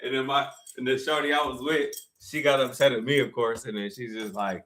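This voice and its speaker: A young man streaming live, telling a story to his chat in an animated, slangy, profane way and reading the chat aloud. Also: mid-range voice, fairly quick, hardly any pauses.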